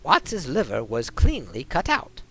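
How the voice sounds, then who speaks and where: A man's voice: mid-range voice, huge pitch swings, unhurried, pushed and bright, soft background music, pitched above the performer's own voice, full character voice, low-quality recording. A man voicing a chatty, dryly ironic male dwarf coroner in a game. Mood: wry.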